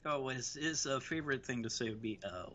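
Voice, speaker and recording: A man's voice: mid-range voice, brisk, fairly bright tone, lo-fi sound. A man chatting casually and jokingly while live-streaming a game. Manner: playful, jokey, slips into silly voices.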